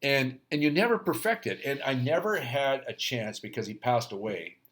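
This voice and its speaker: Man, middle-aged, hockey coach, casual monologue, reflective and rambling, average pitch. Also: expressive, moderate pace, a bit bright. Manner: rambling, reflective, with many restarts and fillers.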